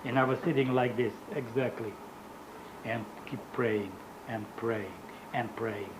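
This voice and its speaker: Speaking in medium pitch with fairly even intonation, an older man shares his Holocaust survivor's testimony in an oral history interview. His English is halting and non-native, with frequent searches for words, and background noise is present.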